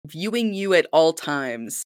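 A podcast co-host telling stories in an animated, exasperated way, sometimes swearing. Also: mid-range voice, slow pace, smooth, no echo, studio quality. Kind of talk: casual podcast chat.

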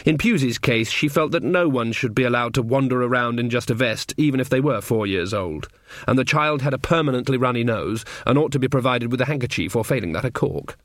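A man reading an audiobook novel aloud in measured, scripted storytelling narration. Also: medium pitch, expressive, dry recording, clean studio sound.

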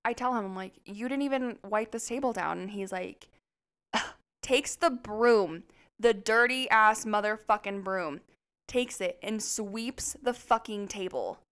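A woman's voice: medium pitch, a little slow, clear, resonant tone. A young woman co-hosting a podcast, telling a story in casual chat, swearing a lot and laughing as she goes. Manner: laughing, profane, animated storyteller. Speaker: podcast co-host.

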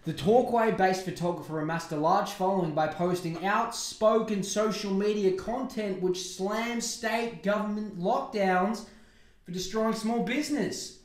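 A young man with an Australian accent rants through his podcast in a slightly high voice, sarcastic, swearing freely and drifting into asides. He sounds like he is in an echoey room. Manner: sarcastic and profane, rambling asides. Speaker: podcast host. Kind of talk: casual solo podcast rant.

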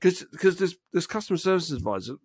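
A man's voice: high voice, very animated, quick pace, a little mellow, breathy edge, dry recording. A man co-hosting a podcast in casual chat, ranting and acting out quoted phone calls. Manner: ranting, acts out quoted call-centre lines. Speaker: podcast co-host.

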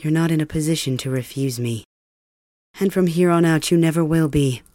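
A woman voicing a cold, cruel young male king, calm and mocking, in an ASMR audio role-play. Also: low-pitched, moderate pace, dry recording, clean studio sound, close to an everyday voice. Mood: coldly cruel.

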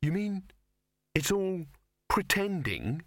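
A man voicing a naive, bewildered young male actor in an audiobook, speaking hesitantly and earnestly in a raised pitch. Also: very animated, slow pace, a bit bright, dry recording, studio quality, heavily acted.

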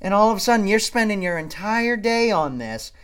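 A man's voice: high-pitched, expressive, brisk, a bit bright, clear, resonant tone. A man from Maine doing a profane comedic rant, exasperated and swearing, often repeating himself. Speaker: comedic storyteller.

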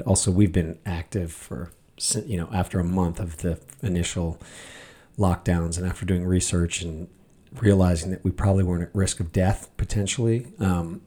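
Man, middle-aged, podcast host, low voice, husky, rambling casual monologue. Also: warm tone. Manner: rambling, full of fillers and restarts.

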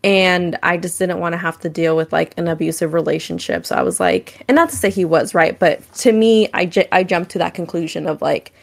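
A woman's voice: fairly low pitch, brisk, gravelly, hardly any pauses. Candid young woman telling stories. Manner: candid storytelling, frequent "like" and "um". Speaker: podcast co-host. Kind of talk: casual chat.

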